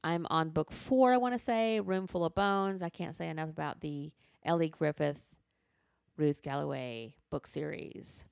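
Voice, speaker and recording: Her voice is low and creaky yet clear and resonant, moving at a measured pace as she co-hosts a podcast. She talks frankly and with energy about what she's watching, tossing in slang and "y'all" while recommending shows. It's a clean studio recording with no room sound.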